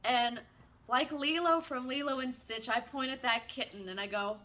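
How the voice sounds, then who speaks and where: Bright-voiced chatty woman storyteller. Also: high-pitched, normal speed, a little hiss or hum. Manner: chatty, animated, self-described drama kid. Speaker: gaming streamer. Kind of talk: casual storytelling while gaming.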